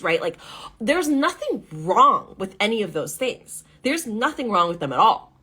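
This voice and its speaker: A woman's voice: medium pitch, measured pace, slightly rough. A woman business coach talking in a podcast monologue, emphatic and often checking in with "right?". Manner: acts out excited and doubtful voices when quoting.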